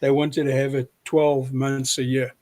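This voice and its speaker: A man's voice: mid-range voice, flat delivery, unhurried, a little mellow. A man with a South African accent, a preacher chatting casually as an interview guest, self-deprecating and often restarting his sentences.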